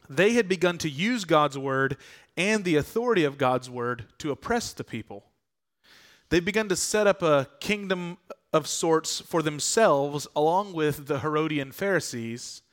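Male pastor, conversational earnest sermon delivery, slightly raised pitch. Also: fairly bright tone. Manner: conversational, earnest preaching with rhetorical questions.

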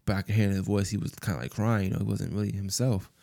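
A man's voice: on the low side, fairly even intonation, fast talker, vocal fry, mellow, dry recording, studio quality. A man hosting a podcast, telling a personal story in a casual, rambling way, full of fillers and repeated phrases. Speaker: podcast host.

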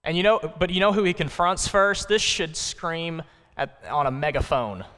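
A male pastor preaching in a church sanctuary, talking to the congregation in a conversational, emphatic way full of rhetorical questions. His voice is smooth and resonant, a bit high for a man. A long reverb hangs in the big room. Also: normal speed, pushed and bright. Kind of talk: sermon.

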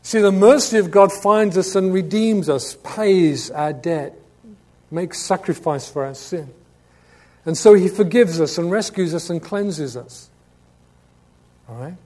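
A man preaching a sermon, stressing key words loudly, then dropping to quiet asides and asking the congregation questions. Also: sits high, measured pace. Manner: emphatic, swings between loud urgent stress and quiet asides.

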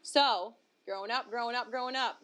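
Woman guest telling her story on an interview: candid, expressive, high-ish voice. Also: normal speed. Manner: expressive, swings pitch up for emphasis, laughs between points. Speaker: interview guest, ministry founder. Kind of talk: candid personal testimony in conversation.

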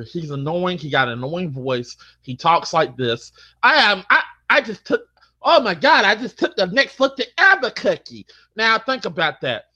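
A man on a panel show, ranting with exaggerated repetition and breaking into loud yells. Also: fairly high pitch. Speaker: panel contestant. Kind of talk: comedic rant.

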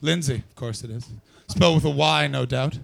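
A man's voice: medium pitch, brisk, creaky, a bit bright. A man doing stand-up, brashly and profanely teasing the audience in crowd work. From not from Britain. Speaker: stand-up comedian.

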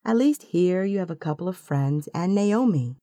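A woman narrates a second-person story in an unhurried, intimate way. Her voice is low and mellow, recorded close in a dry booth with no room sound. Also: animated, no echo.

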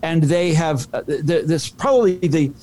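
A male author guest explains his ideas at length, often stumbling and restarting words. His voice sits a little higher than most men's. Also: unhurried, mellow. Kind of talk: interview answer.

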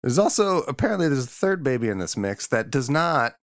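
A man's voice: medium pitch, very animated, fairly quick, no room sound. A man in a casual comedic film podcast, riffing animatedly and laughing through his lines into a close mic.

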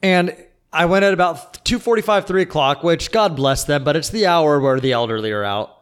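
A young man talks quickly in a relaxed podcast conversation. His voice sits slightly high. He rambles and vents, leaning on fillers as he goes. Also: clean tone. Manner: rambling, venting with lots of fillers. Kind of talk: casual chat.

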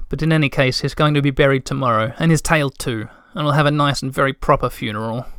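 A man's voice: medium pitch, steady tone, fast talker, fairly bright tone, smooth, no echo, studio quality, natural voice. A man voicing an earnest young male troll creature in a storybook, speaking in a solemn, dignified way.

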